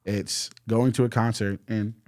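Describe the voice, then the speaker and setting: A man's voice: lowish voice, steady tone, a little slow, a little mellow. A man co-hosting a casual podcast who moves the segments along and teases the others. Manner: steers the segments and teases his co-hosts. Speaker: podcast co-host.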